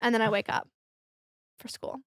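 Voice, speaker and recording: A woman's voice: normal speed, dry recording, studio quality. A young woman telling candid stories in a casual chat. She fills her talk with fillers and acts out what others said. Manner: candid storytelling, acts out quoted voices, many fillers. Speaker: podcast co-host.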